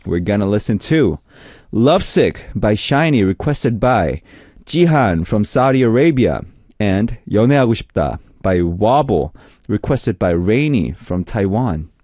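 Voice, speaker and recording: A man's voice: lowish voice, big pitch swings, moderate pace, darkish tone, no room sound, clean studio sound. A man hosting a radio music show in an upbeat, friendly way, reading out listener messages. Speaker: radio DJ host. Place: radio studio.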